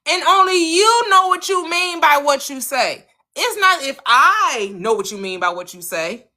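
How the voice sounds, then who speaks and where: Host type: American woman, bright, earnest motivational coach who repeats points for emphasis. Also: measured pace. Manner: earnest, coaching, repeats phrases, lively swings in pitch. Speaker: manifestation channel host. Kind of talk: motivational spiritual talk.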